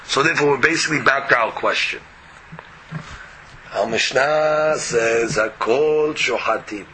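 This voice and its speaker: Male Talmud teacher, lively swooping delivery, debating himself with rhetorical questions. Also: medium pitch, moderate pace, a little hiss or hum, poor audio. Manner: argues both sides with rhetorical questions. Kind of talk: animated Talmud class.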